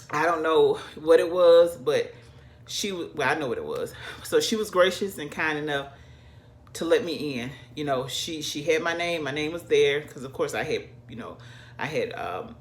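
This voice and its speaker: A woman with a low, husky-toned voice tells a personal story straight to her viewers. She talks animatedly and casually, calling her audience y'all. A faint hiss sits under the recording. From American South. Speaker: vlogger.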